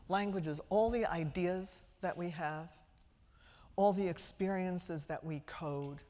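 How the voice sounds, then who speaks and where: A middle-aged woman from Brooklyn lecturing parents as a speech-language pathologist, theatrical and playful, asking the audience questions. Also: low voice. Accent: trained-out Brooklyn New York. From Brooklyn, New York. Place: large auditorium before a live audience. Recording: lecture hall with long reverb.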